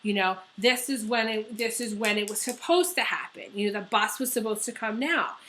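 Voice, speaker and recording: A woman's voice: a little high, normal speed, bright, forceful tone, slight background noise. Woman doing a cranky priestess lady, swears, totally over it. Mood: exasperated. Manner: exasperated, swears. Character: frustrated, sharp-eyed woman priestess, defiant and cursing.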